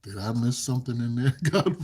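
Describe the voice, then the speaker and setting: A man's voice: mid-range voice, expressive, brisk, darkish tone, breathy edge. A man hosting a casual live stream, reading viewers' comments aloud, rambling and often chuckling as he talks. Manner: rambling, repeats himself. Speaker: channel host reading live chat.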